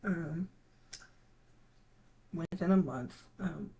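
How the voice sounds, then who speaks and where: A teenage gaming creator talking casually to viewers, halting and scattered, with many restarts and trailing thoughts. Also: mid-range voice, creaky, dark tone, highs cut off, a little hiss or hum. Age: teens. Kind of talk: casual rambling talk to viewers.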